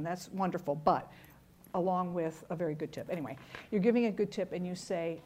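A woman's voice: on the low side, fairly quick, darkish tone. A middle-aged woman giving an earnest church teaching talk, telling stories and repeating key words for emphasis. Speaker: Bible teacher.

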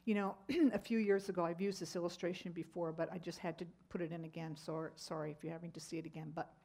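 A woman's voice: on the low side, fairly even intonation, quick pace, a little mellow. A middle-aged woman teaching a Bible lesson, telling a personal story in a conversational way with fillers and asides.

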